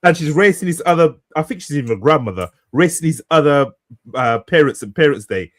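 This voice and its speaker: A man's voice: on the high side, animated, fairly quick. A man co-hosting a podcast in casual chat, rambling and hesitant, often restarting his sentences, on a studio mic. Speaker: podcast co-host.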